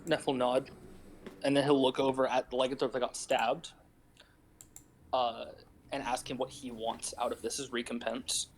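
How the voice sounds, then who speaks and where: A man's voice: medium pitch, little pitch movement, moderate pace, pauses often, slight background noise. A man playing a tabletop game, describing his character's actions plainly. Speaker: player.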